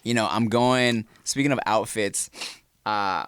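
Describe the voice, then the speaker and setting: A man's voice: on the low side, fairly even intonation, a little slow, fairly bright tone, clear, resonant tone, no echo, studio quality. A man co-hosting a podcast, telling rambling stories in a laid-back way and reading ads. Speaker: podcast co-host. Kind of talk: casual podcast chat and ad reads.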